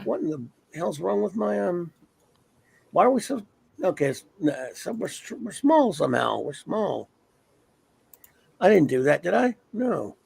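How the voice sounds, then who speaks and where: A man's voice: high-pitched, very animated, unhurried, creaky, pauses often, darkish tone, slightly rough, no room sound. A man hosting a casual livestream, rambling as he reads off viewer names. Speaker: livestream host. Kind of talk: casual chat.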